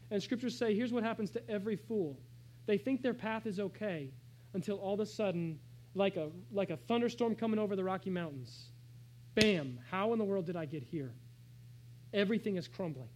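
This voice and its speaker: A man preaching a sermon, shifting between hushed, slow phrases and raised, emphatic calls. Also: high voice, slight background noise, poor audio. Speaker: pastor.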